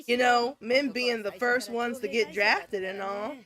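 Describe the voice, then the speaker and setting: A woman's voice: fairly high pitch, measured pace, fairly bright tone, soft background music. A woman voicing a chatty, motherly middle-aged cafeteria woman with a homely, folksy drawl, read from a visual novel.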